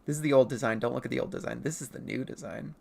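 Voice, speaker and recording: An artist streamer chatting casually with viewers while drawing late at night, rambling, laughing often and deliberately keeping the voice pitched above its natural level. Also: vocal fry, darkish tone. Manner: consciously holds voice higher than natural. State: up late, nearly four in the morning. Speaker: artist streamer answering chat questions.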